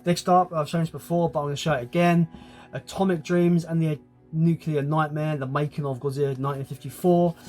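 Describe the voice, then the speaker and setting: A man's voice: on the high side, steady tone, a little fast, a little mellow, soft background music. A man hosting a casual show-and-tell vlog from home, enthusiastic and repeating his words as he talks. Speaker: channel host.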